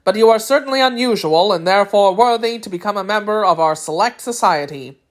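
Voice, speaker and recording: A woman voicing a kindly, dignified tin man emperor in a storybook reading, with warm, courtly speech. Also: mid-range voice, expressive, a little fast, close to an everyday voice.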